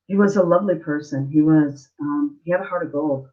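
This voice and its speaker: Halting, tender-voiced woman psychic. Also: deep voice. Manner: halting, repeats phrases, many fillers; tender, emotional. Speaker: psychic reader hosting a live Q&A. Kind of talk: live-stream spiritual reading. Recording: slightly muffled lo-fi stream audio.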